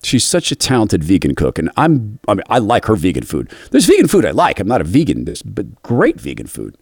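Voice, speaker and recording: A man's voice: fairly low pitch, wildly swooping pitch, a little fast, gravelly, darkish tone, slightly rough, no echo, studio quality. A middle-aged man hosting a devotional radio talk, telling a personal story in an earnest, confessional way. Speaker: radio host.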